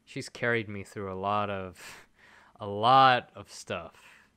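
A man casually commentating a mobile game stream, excitable and rambling as he thinks aloud. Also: lowish voice, takes it slowly, clear, resonant tone.

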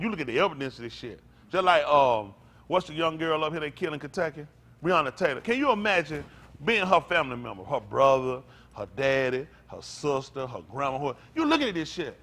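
An older man preaching in a fiery, profane rant. His voice sits high and leaps around wildly in pitch, and he swings from shouted outbursts to low, weary mutters. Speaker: pastor.

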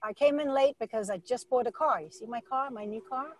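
A woman's voice: on the high side, fairly quick, a crowd in the background, low-quality recording. A woman with a South African accent, a student joining a webinar by video call from her car, talking in a chatty, rambling way. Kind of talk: casual chat.

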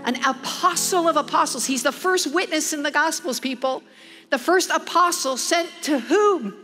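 Animated high-voiced woman preaching. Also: normal speed, soft background music. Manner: animated, emphatic, laughs often while preaching. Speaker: guest preacher. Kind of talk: sermon.

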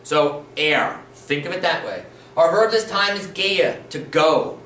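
A man's voice: fairly high pitch, lively intonation, a little slow, pushed and bright, recorded from a distance. Patient male language teacher in an echoey room. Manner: patient, encouraging, repeats rules and checks in with "okay?". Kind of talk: instructional video lesson. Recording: roomy echo, voice a bit off-mic, faint room noise.

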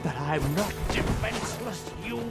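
A haughty scolding game character. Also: female voice, medium pitch, expressive, measured pace. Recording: game audio over loud music.

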